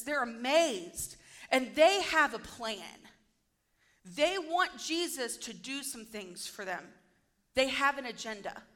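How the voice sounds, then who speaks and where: A woman preaching a casual sermon, retelling a story and acting out the speakers' lines in a lively, conversational way. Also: high-pitched.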